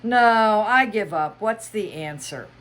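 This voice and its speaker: A woman's voice: medium pitch, expressive, slow, fairly bright tone, pitched above the performer's own voice. A woman voicing a polite, curious young girl in a storybook reading, with earnest questions.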